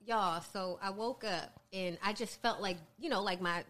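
A woman, a podcast guest, telling an embarrassing story in animated casual talk, acting out the quotes. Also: mid-range voice, moderate pace. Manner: animated, acts out quotes, laughing.

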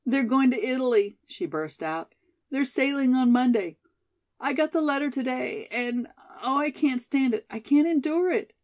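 A woman's voice: sits high, expressive, measured pace, a little mellow, pitched above the performer's own voice. A woman reading as a passionate young college girl. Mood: distraught. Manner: emotional, pleading, rapturous.

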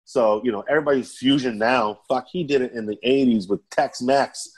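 Guy, mid-pitched, loose and profane, a natural anecdote-teller. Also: fairly quick, husky. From Canada. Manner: profane, rambling, animated. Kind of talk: casual storytelling.

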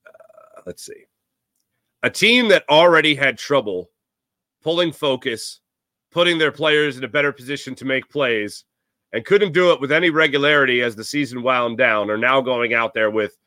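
A man's voice: medium pitch, moderate pace, bright, forceful tone, no room sound, clean studio sound. A man hosting a sports talk show, giving a rambling, jokey monologue with lots of fillers. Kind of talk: casual sports commentary monologue.

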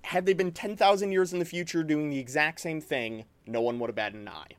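A man's voice: on the high side, brisk, no echo. A man co-hosting a podcast, chatting casually and eagerly, often restarting his sentences and saying "like". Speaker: podcast co-host. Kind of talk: casual chat.

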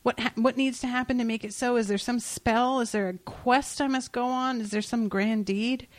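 A woman's voice: a little high, steady tone, normal speed, dry recording, close to an everyday voice. A woman voicing a regal male caliph of old Baghdad, solemn and formal. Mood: earnest.

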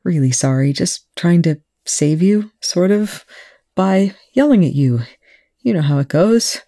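A reader pitching up as a jittery young tech guy. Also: lively intonation, dark tone, no room sound, clean studio sound. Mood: nervous chatty. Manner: rapid nervous babbling, whispering asides. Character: anxious young male tech whiz, chatty and nervous.

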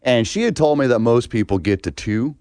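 Animated man, casual show banter. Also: mid-range voice, fairly quick, no echo. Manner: animated, strained by spicy food. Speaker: co-host.

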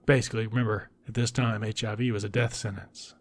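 A man giving a casual recap of a film, talking bluntly with profanity and dropping into breathy whispered asides. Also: on the low side, flat delivery, quick pace. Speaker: film reviewer.

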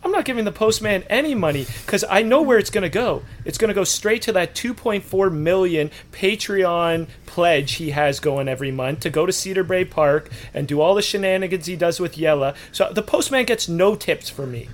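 Higher-voiced man joking on a podcast. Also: lively intonation, normal speed, few pauses. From outside the United States. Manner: joking, teasing banter. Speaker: podcast co-host. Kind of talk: casual podcast chat.

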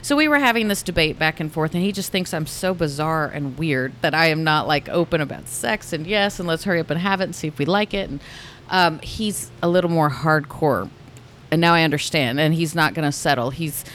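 A woman co-hosting a casual talk show, telling a dating story with animated acted-out dialogue. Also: low-pitched, fairly quick, a little hiss or hum. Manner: animated storytelling, acts out both sides of conversations. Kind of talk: casual chat.

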